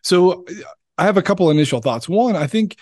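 A man's voice: high voice, animated, fairly quick, darkish tone, no echo, studio quality. A man hosting a podcast, friendly and upbeat in casual conversation. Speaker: podcast host.

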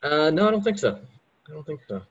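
Laid-back husky man chatting. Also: on the high side, very animated, fast talker. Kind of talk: casual chat. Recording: slightly dull lo-fi audio.

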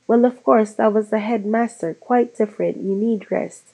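A woman's voice: mid-range voice, normal speed, creaky, warm tone, slightly rough, rough recording. A woman reading as a strict, fussy school nurse. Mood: firm.

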